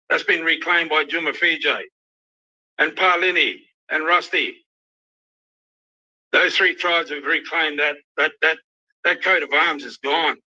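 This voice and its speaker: On a livestream with dull, lo-fi audio, a youth worker from Australia vents with anger and emotion, swearing all the time. His slightly high voice sounds pushed and bright.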